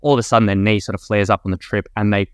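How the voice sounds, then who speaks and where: Fast-talking Australian man, low voice. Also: fairly even intonation, clean tone, no echo, studio quality. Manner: fast, enthusiastic storytelling with many fillers. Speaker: guest, personal trainer. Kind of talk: casual podcast chat.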